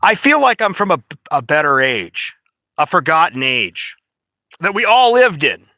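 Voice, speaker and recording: A man's voice: a little high, very animated, measured pace, pushed and bright, no echo. A man ranting casually to the camera in a profane, rambling, indignant way. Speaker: vlogger.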